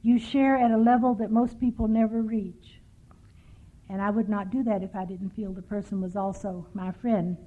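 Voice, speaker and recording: A woman's voice: mid-range voice, steady tone, normal speed. An older woman from Texas speaking at a recovery workshop, telling stories with dry, self-mocking humor. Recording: tinny lo-fi 1990s tape.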